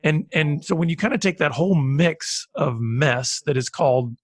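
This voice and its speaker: A man's voice: fairly high pitch, animated, moderate pace, dry recording, clean studio sound. A man hosting a podcast interview, asking long, winding questions. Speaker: podcast host.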